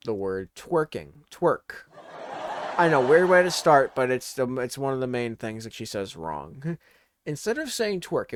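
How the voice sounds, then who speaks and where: Animated young man ranting and laughing. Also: mid-range voice, no room sound, clean studio sound. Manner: animated, laughing often, swearing. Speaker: comedic monologue host. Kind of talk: casual comedic monologue.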